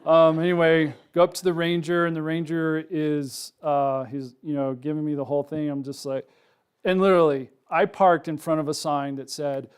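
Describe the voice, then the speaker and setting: A middle-aged man, a wildlife researcher, giving a public talk to a live audience, telling a personal story in a casual, animated way with lots of ums and likes. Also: on the high side, moderate pace, smooth. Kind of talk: public lecture with personal anecdote. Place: lecture room with a live audience.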